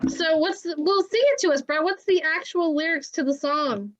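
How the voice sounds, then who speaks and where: A woman's voice: very high-pitched, normal speed, no echo, dull audio. A woman co-hosting a podcast, bantering and competing in a quiz in a casual way. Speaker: podcast co-host. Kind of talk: casual chat.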